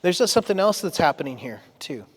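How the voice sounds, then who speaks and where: A man with a notably high voice preaches in a church sanctuary. He keeps it conversational but leans into dramatic readings of scripture. His words trail into a long reverb from the hall. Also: very animated, fast, breathy edge. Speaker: pastor. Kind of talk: sermon.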